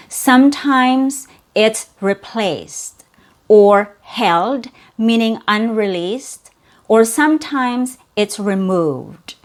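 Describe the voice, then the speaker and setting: A woman whose native language is Cebuano gives a slow, clear English pronunciation lesson in a medium-pitched voice. She repeats sounds and words slowly for the learner.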